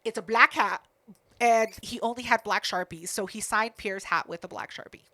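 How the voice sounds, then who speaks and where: Woman podcast co-host, high and bright, brash and profane storyteller. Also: moderate pace. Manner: brash, profane, animated retelling. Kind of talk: casual storytelling chat.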